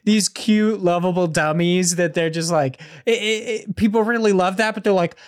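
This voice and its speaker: A man's voice: high-pitched, normal speed, hardly any pauses, smooth. A man co-hosting a podcast, telling a rambling, profane story in casual chat. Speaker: podcast co-host.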